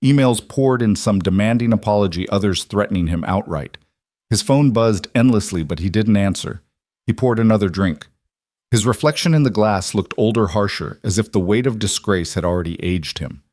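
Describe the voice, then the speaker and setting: A man reads a story in a low, steady voice, pacing each sentence with measured drama. The sound is dry and close, with no room around it. He narrates with the even control of a scripted storyteller. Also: dry recording.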